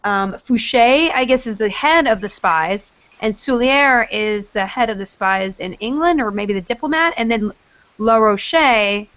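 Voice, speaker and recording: A woman hosting a book club, chatting casually with hesitant pauses. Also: a little high, animated, fairly bright tone, clear, resonant tone, highs cut off. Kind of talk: casual chat.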